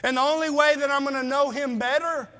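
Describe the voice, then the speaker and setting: A man's voice: very high-pitched, steady tone, a little fast, pushed and bright. A male pastor preaching a sermon in a church, earnestly asking his listeners questions in a plain-spoken way. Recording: long reverb of a hall.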